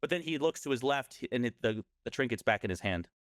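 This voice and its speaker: A man's voice: medium pitch, lively intonation, fast, no room sound, studio quality. A man casually telling a scary story on a podcast, rambling and often correcting himself.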